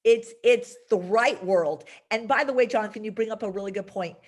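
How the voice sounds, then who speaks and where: A woman's voice: mid-range voice, fairly quick. A woman teaching a class as a career coach, emphatic and chatty, speaking straight to her students.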